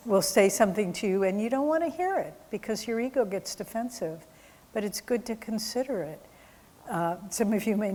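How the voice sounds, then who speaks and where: A woman's voice: mid-range voice, a little mellow. A woman with a mid-range voice speaking as a spiritual teacher. She tells stories in a conversational way and voices quotes, and her voice carries a long hall reverb. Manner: conversational storytelling with quoted asides. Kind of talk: satsang talk with stories.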